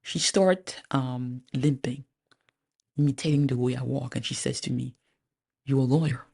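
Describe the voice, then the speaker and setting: Woman lawyer, measured slow testimony, some vocal fry, pauses often. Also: very deep voice, mellow. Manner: measured, deliberate, with frequent pauses and fillers. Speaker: lawyer recounting a personal legal dispute. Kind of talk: personal testimony, spoken slowly with pauses.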